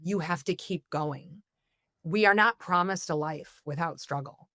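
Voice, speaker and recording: Low-voiced woman therapist type, earnest advice, keeps saying okay, dry sound. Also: unhurried, pushed and bright, no echo. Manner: earnest, coaching, checks in with "okay?". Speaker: guest therapist. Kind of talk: podcast conversation, giving advice.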